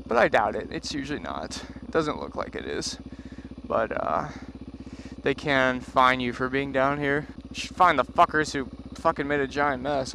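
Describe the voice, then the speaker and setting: A man rambling and cursing through stories while riding a motorcycle, talking into a helmet headset. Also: on the high side. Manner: profane, rambling storyteller. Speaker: motorcycle vlogger. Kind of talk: rambling anecdotal chat. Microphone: helmet bluetooth headset. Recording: loud wind and traffic noise. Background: road and engine noise.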